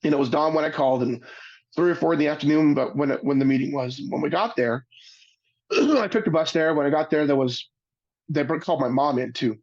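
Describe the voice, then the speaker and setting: A man giving a webinar talk, telling a personal story in an earnest, halting way, often restarting his sentences. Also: fairly high pitch, a little mellow, dull audio. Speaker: webinar speaker.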